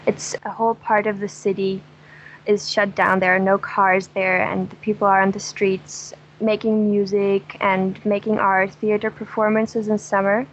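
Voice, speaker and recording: A woman's voice: medium pitch, little pitch movement, moderate pace, slight background noise, poor audio. A woman from Germany with a German accent, a travel guest chatting casually in an interview, laughing often and telling jokes with gusto. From Dresden, Germany.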